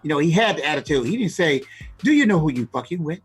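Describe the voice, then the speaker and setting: A man with a slightly husky, somewhat high voice co-hosts a radio live stream, explaining how artists should sound in the studio. His talk is casual and animated. Faint music plays underneath. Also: fast. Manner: animated, acts out rap lines and ad-libs. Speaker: co-host giving music industry advice.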